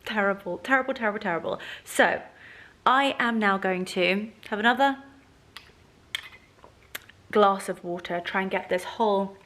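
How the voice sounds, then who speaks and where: A woman's voice: mid-range voice, normal speed, pauses often, fairly bright tone, reverberant. A woman chatting casually to camera in a lifestyle vlog from her kitchen at home, bubbly and gushing. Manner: bubbly and gushing, sing-song baby talk to her dogs. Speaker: lifestyle vlogger.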